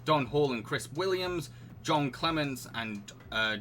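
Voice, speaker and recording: Giggly, bright-voiced male quiz host. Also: fairly high pitch, expressive, slow, soft background music. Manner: chatty and giggly, reading out questions and answering chat. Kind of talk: live-streamed quiz hosting.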